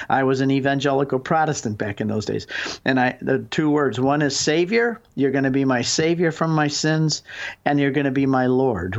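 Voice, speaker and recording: A man's voice: mid-range voice, lo-fi sound. Earnest sixties man telling his story. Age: 60s. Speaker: guest. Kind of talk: call-in radio conversation.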